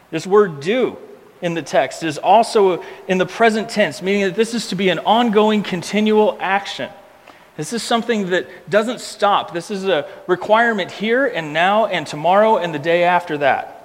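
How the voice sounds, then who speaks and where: A man preaching a sermon emphatically, repeating key words and slowing down for effect. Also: high-pitched, big-room sound. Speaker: pastor.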